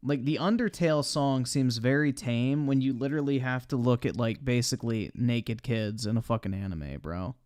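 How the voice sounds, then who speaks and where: A man's voice: medium pitch, normal speed, few pauses, darkish tone. A young man giving blunt, profane live-stream commentary while he watches videos.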